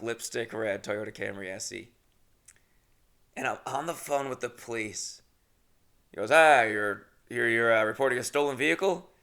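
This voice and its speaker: A man's voice: mid-range voice, bright, forceful tone. A young adult man hosting a podcast, telling a rambling, comedic story about himself, swearing often and laughing at his own mishaps. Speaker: podcast host.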